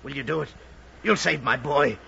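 Desperate captain, gravelly, bright tone, pleading, radio drama, dull lo-fi sound. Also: male voice, medium pitch, normal speed, a little hiss or hum. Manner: pleading, urgent. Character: desperate older captain searching for his lost son.

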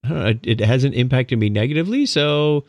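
A man co-hosting a podcast, chatting in a relaxed way and making wry remarks. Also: medium pitch, fast talker, dry recording. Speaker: podcast co-host. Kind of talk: casual chat.

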